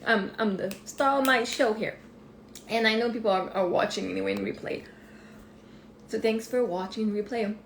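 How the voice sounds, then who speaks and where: A woman with a Québécois French accent, talking through a live podcast monologue, animated, laughing often and swearing freely. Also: medium pitch, moderate pace, creaky. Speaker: life coach podcast host. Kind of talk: live-streamed personal monologue. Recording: echoey room with faint ambient noise.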